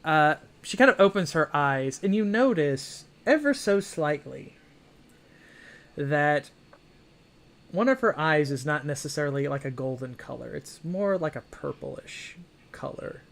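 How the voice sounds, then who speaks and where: A man narrating as game master of a tabletop game, halting and filling pauses with "uh" and "kind of". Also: a little high, lively intonation, gravelly, a bit bright. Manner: halting, full of fillers.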